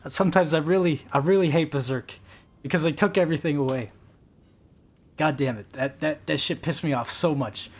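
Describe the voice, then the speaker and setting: A man's voice: a little high, normal speed. A young man streaming a game live, rambling and swearing as he vents to his chat. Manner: rambling, profane, emotional venting.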